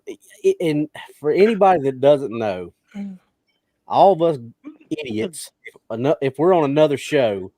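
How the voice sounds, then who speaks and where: A man's voice: on the high side, warm tone, no room sound. A man co-hosting a podcast, telling stories with frequent laughter in casual chat. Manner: storytelling, laughs often. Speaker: podcast co-host.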